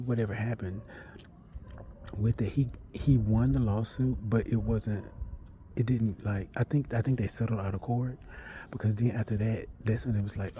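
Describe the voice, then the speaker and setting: A man recounts personal stories in a loose, conversational ramble, correcting himself as he goes and sometimes sinking to a hush. His voice sits on the lower side, dark and mellow in tone, with a faint hum of noise behind him. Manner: chatty and conversational, with asides and self-corrections, sometimes dropping to a hush.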